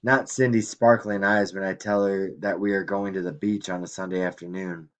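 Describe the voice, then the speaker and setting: Quiet, reflective male story narrator. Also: low-pitched, steady tone, moderate pace. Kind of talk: audiobook reading.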